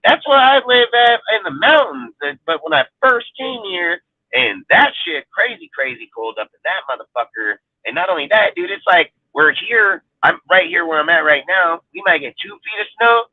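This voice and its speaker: A man's voice: on the high side, lively intonation, fairly quick, no echo. A man from California telling a rambling story in casual chat, emphatic and heavy on profanity. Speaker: roundtable panelist. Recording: tinny phone-line sound, dry.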